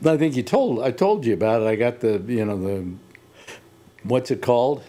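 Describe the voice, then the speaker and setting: A man's voice: mid-range voice, expressive, moderate pace, mellow. An older man hosting a casual talk show, rambling through stories with many restarts. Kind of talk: casual chat.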